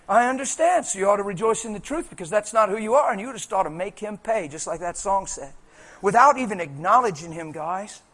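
A man preaching a sermon in an animated, conversational, colloquial way. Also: high-pitched, a little fast.

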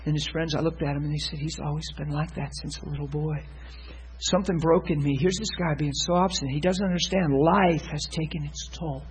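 A man preaching, telling a testimony story in an animated way, acting out the people he quotes and swinging from loud to hushed. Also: on the high side, a little fast, breathy edge, rough recording. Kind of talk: sermon testimony.

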